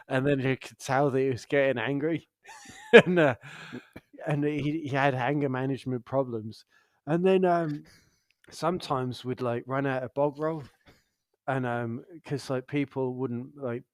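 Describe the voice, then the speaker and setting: A man's voice: mid-range voice, measured pace, no echo, studio quality. A young man co-hosting a podcast, telling rowdy stories in casual chat, laughing often and swearing freely. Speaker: podcast co-host.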